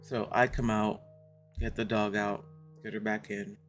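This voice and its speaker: A woman's voice: extremely low pitch, flat delivery, measured pace, soft background music. A woman streaming a game, chatting casually with her viewers, laughing often and telling stories from home.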